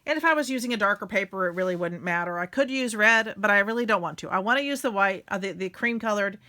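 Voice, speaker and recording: A woman's voice: medium pitch, lively intonation, fast talker, sharp tone. A middle-aged woman, hosting a casual craft tutorial and chatting while she works. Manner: chatty, self-deprecating, talks while working.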